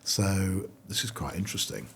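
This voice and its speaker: A man's voice: sits low, expressive, normal speed, vocal fry, fairly bright tone, breathy edge. A middle-aged man, a brand founder being interviewed, talking casually and rambling with lots of fillers and restarts. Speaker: guest.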